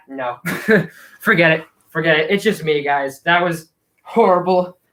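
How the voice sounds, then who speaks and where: A man's voice: on the high side, a little slow, a bit bright. A man hosting a casual live Q&A stream, rambling and self-deprecating with frequent restarts. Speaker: YouTube host.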